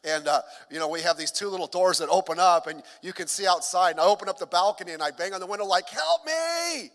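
High, bright-voiced man preaching. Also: fairly even intonation, fast, big-room sound. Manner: conversational, joking asides, repeats words. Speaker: pastor. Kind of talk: sermon.

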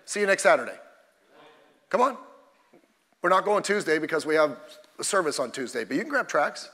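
A man preaching a fiery sermon as pastor, emphatic and rising to sudden shouts. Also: on the high side, big pitch swings, a little fast, big-room sound. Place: church sanctuary.

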